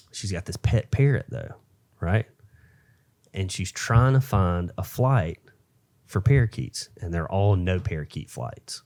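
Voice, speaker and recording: Man, very deep voice, casual podcast co-host, rambling joke teller, young adult. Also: darkish tone. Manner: rambling, filler-heavy storytelling.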